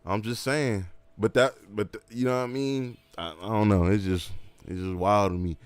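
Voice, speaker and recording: Streaming a game, a man keeps up casual livestream chat, ranting emphatically and animatedly with heavy slang and repeated asides. His voice is on the low side, clear and resonant, at a moderate pace with no room sound.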